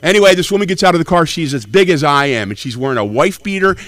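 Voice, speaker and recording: A man's voice: on the high side, expressive, quick pace, fairly bright tone, dry recording. A man in his sixties from Tennessee, doing brash, profane stand-up at an open mic. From Nashville, Tennessee. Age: 60s. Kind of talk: stand-up comedy.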